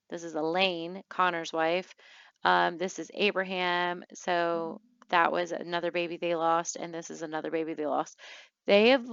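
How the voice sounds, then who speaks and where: Woman let's play host, slow and gravelly, chatty and emotional; dull, dry home mic. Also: lowish voice, a bit bright, no echo. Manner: emotional, chatty, many fillers and restarts. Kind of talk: casual gameplay commentary.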